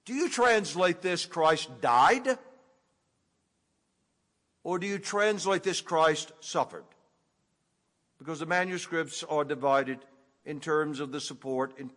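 A male preacher with a high voice walks slowly through a passage of scripture. He stresses the important words with weight and lets pauses sit. His voice rings out in a large hall with a long, lingering reverb. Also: fairly bright tone. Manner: deliberate teaching tone, emphatic on key words. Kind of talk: expository sermon.

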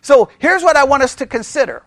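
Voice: high-pitched, animated, brisk, a bit bright, dry recording, studio quality. A Bible study teacher who speaks with energy, keeps asking the listeners questions and checking in with "right?", and thinks aloud with restarts.

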